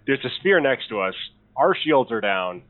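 A man in a tabletop game talks through his options out loud before he settles on orders. His voice comes over a thin, phone-like line, and his pitch sits in an ordinary middle range. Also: big pitch swings, moderate pace. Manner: thinks aloud, weighing options. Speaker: player. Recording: tinny call audio.

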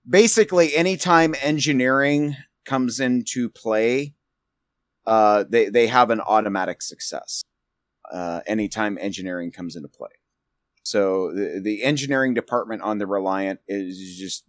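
A man's voice: fairly low pitch, measured pace, no echo, clean studio sound. A man narrating as game master of a tabletop role-playing game, rambling with restarts. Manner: rambling, many fillers and restarts.

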